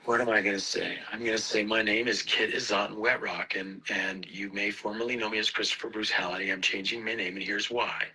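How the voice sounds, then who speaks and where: A man giving a halting, earnest personal statement, choking up at times. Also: lowish voice, fairly even intonation, bright, forceful tone, breathy edge, rough recording.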